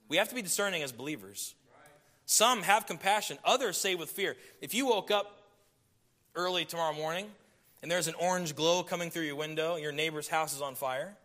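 Male preacher, middle-aged, sermon, bright ringing tone, loud emphasis dropping to hushed asides. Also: fairly high pitch. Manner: dramatic swings from loud emphasis to hushed tones.

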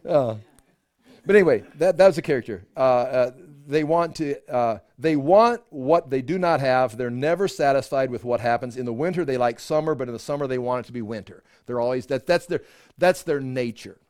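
A man's voice: medium pitch, brisk, darkish tone, dry recording. A man leading an informal Bible study for a small group, talking conversationally with many restarts and the odd chuckle.

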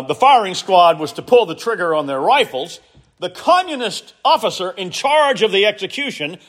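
Lively-voiced male preacher. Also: high voice. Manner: earnest, measured storytelling with emphatic rises. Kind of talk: sermon.

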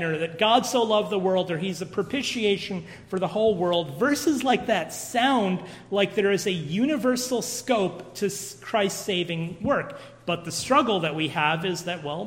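A man's voice: high-pitched, a bit bright. A man preaching an expository sermon, earnest and emphatic, posing rhetorical questions to his congregation in a church. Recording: long reverb of a large hall.

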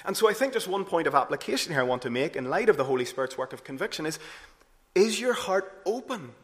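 A man preaching a sermon earnestly, rising to emphatic peaks and then dropping low and soft. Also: big pitch swings, quick pace. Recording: long hall reverb.

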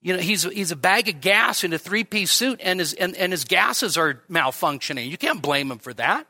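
A man preaching an expository sermon at a midweek church service, lively and conversational, with frequent rhetorical questions. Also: high-pitched, moderate pace. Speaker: pastor.

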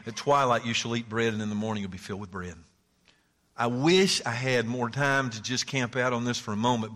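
Animated preacher man in a reverberant hall. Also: mid-range voice. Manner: swings from loud exclamations to hushed asides, laughs often. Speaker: pastor. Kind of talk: sermon.

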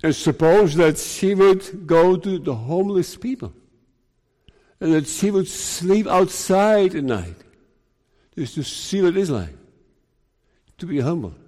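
A man preaching a sermon in a slow, emphatic way, raising his pitch to stress his points. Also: expressive, a little mellow. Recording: long hall reverb.

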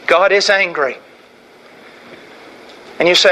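A male preacher from the United States delivers a fiery sermon in a high, bright voice. He swings between forceful outbursts and quiet, drawn-out warnings. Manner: impassioned, swinging from shouts to hushed tones.

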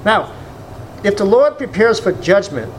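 A man's voice: sits high, big pitch swings, unhurried, a little hiss or hum. A man preaching a sermon, emphatic, quoting scripture and asking rhetorical questions. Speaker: pastor.

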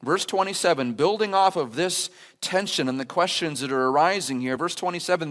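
A man's voice: a little high, brisk, few pauses, fairly bright tone. A man preaching a sermon as pastor at a church service, explaining scripture in an earnest, conversational way with emphatic rhetorical questions. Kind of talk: expository sermon.

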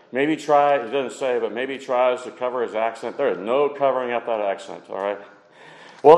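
A man preaching a sermon, acting out the quotes with big swings in pitch and loudness. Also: in a large hall, rough recording. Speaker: pastor.

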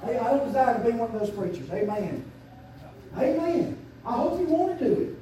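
A man preaching a fervent sermon as pastor, swinging from quiet asides up to loud shouts. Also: animated, fairly quick, a little hiss or hum. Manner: fervent preaching, surging to shouts and dropping low. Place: church sanctuary. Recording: very echoey church sanctuary, mic at a distance.

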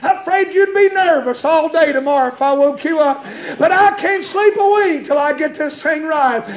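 A man's voice: very high-pitched, normal speed, pitched above the performer's own voice. A man preaching a sermon, voicing a remorseful young boy pleading to his father. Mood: contrite. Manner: earnest, tearful pleading.

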